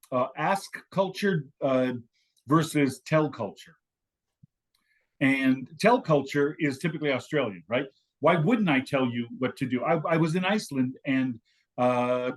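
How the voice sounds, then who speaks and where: A man who teaches communication, a guest on a casual chat show, telling rambling stories full of restarts. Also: medium pitch. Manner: digressive storytelling with many restarts.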